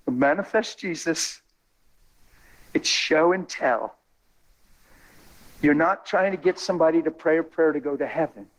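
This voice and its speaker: A man telling a testimony in a sermon, animated and folksy, building to excited exclamations. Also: a little high, unhurried, pauses often, rough recording. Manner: colloquial, folksy phrasing.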